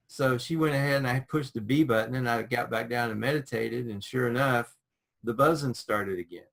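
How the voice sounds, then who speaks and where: A man co-hosting a casual chat, telling a story with lively acted-out quotes. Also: mid-range voice, fairly quick, gravelly. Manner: animated storyteller acting out quotes. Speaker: podcast co-host.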